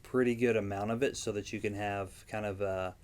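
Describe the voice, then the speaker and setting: A man chatting as a guest in a relaxed interview. His voice sits a little low, and he talks in an easygoing, plain-spoken way, pausing often with ums as he goes. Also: clear, resonant tone. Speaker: yarn dyer and guest vendor. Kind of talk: casual interview chat.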